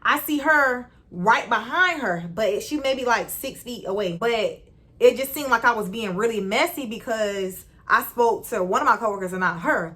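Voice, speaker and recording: A young woman vlogger telling a personal story in a chatty, slangy way, speaking straight to her viewers and jumping up in pitch when she acts out greetings. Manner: lively, jumps high when retelling greetings. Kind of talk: casual storytime.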